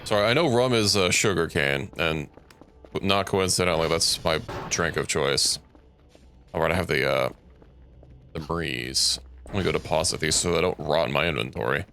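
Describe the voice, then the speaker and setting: Deep gravelly man rambling over gameplay. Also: normal speed, sharp tone, faint music behind. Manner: rambling, thinks aloud with self-corrections. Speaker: streamer. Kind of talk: casual gameplay commentary.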